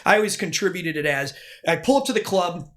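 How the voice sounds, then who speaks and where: Animated man telling stories, lively pitch. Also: brisk. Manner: animated, stammering restarts, swearing. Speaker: guest, former strip club DJ. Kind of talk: casual storytelling. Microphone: podcast mic.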